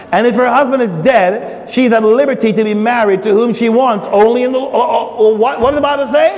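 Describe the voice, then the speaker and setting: A male pastor leading a conversational Bible study, joking with and teasing members of his congregation by name. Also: very high voice. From Australia. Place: church hall. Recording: echoey church hall.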